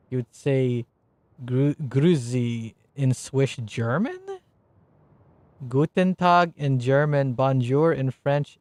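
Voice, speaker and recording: A man's voice: mid-range voice, steady tone, takes it slowly, a little mellow, no room sound. A man giving casual live-stream commentary on a game, rambling with many fillers and restarts, sometimes reading on-screen text aloud.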